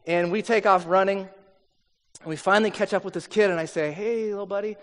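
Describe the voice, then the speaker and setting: A middle-aged pastor with a high voice preaches in a casual, storytelling way, full of little asides. His voice carries with a long reverb tail from a large hall. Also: fairly even intonation, brisk, fairly bright tone. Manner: conversational storyteller, many asides. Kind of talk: sermon with personal story.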